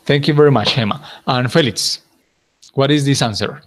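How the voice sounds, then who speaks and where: A man's voice: mid-range voice, moderate pace. A man teaching an English class, patiently repeating answers and praising his students.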